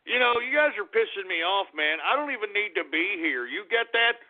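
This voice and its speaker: A man hosting a radio show, ranting angrily and yelling insults at his listeners. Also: sits high, expressive, fairly quick. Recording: tinny phone-line sound.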